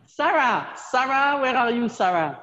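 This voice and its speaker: A woman hosting a video call, brisk and playful, introducing guests. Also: on the high side, big pitch swings, fairly bright tone, highs cut off. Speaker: event host.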